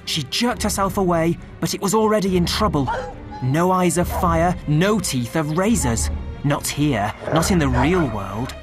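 Lively, expressive woman storyteller. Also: deep voice, unhurried, over music. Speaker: audiobook narrator. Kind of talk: storybook narration.

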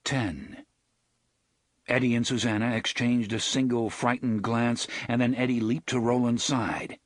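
A man narrating a novel in a measured, expressive storytelling manner. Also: medium pitch, dry recording. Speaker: audiobook narrator. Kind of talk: scripted narration.

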